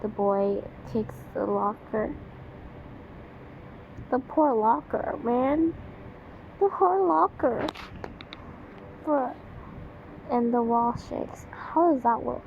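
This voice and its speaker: A woman's voice: fairly high pitch, slow pace, creaky, long pauses. A woman with a childlike-sounding voice, reading a story aloud and mocking it with incredulous asides. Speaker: channel host reading a story. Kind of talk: sarcastic reading commentary. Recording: dull lo-fi with faint hiss.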